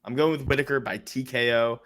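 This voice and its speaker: A man's voice: mid-range voice, a little fast, a bit bright. A man co-hosting a sports betting podcast, brash, profane and emphatic in casual chat. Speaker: podcast co-host making fight picks.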